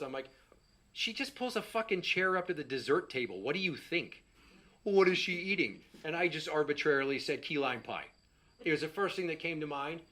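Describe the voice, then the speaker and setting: A man's voice: a little high, fairly bright tone. A middle-aged man doing a stand-up set, telling a profane, exasperated story and acting out the quotes. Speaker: stand-up comedian.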